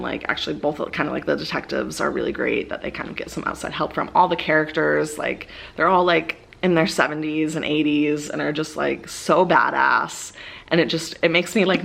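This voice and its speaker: A woman's voice: low-pitched, gravelly, fairly bright tone. A young woman casually rambling about her favorite books as a book vlogger, with many fillers and eager bursts.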